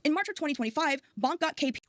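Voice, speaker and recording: Fast high-voiced woman narrating. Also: expressive, fairly bright tone, dry recording, clean studio sound. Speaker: video narrator. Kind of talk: scripted narration.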